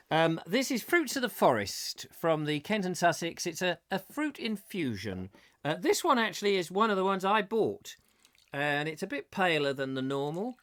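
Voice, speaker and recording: A man's voice: fairly high pitch, fairly bright tone. A middle-aged man hosting a live chat show, chatty and theatrical with rambling asides while he reads out viewer comments. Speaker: host.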